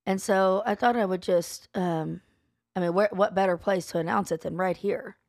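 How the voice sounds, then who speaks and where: A woman co-hosting a podcast in casual chat, telling stories with animated flair. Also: medium pitch, normal speed, no room sound, studio quality. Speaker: podcast co-host.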